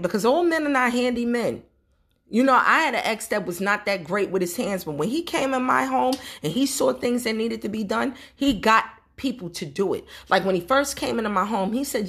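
Woman, 40s, podcast host, husky voice, lively pitch, blunt and profane, casual storytelling. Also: brisk. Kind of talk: solo casual podcast talk.

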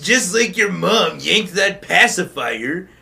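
A man's voice: high voice, expressive, slow, gravelly, sharp tone, heavily acted. A man voicing a crude, taunting cartoon groundskeeper, mocking and bullying.

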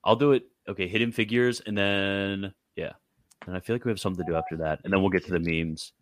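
A man's voice: sits low, fairly even intonation, fast talker, dry recording. A man hosting a casual group chat, reading aloud from his screen and reacting bluntly with frequent laughs. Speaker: host.

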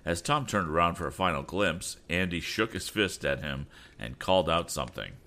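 A man hosting a storytelling show, reading a classic novel aloud in a relaxed way with chatty asides. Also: sits low, normal speed. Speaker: storytelling host.

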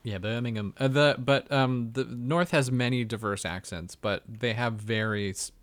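A man's voice: medium pitch, normal speed, no echo. A young man chatting casually, joking and laughing, often slipping into put-on voices. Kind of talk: casual chat.

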